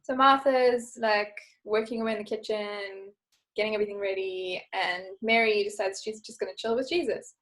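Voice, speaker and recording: A woman guest in a casual faith chat, telling a story in an animated way and acting out the voices in it. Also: medium pitch, moderate pace, rough recording. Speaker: podcast guest.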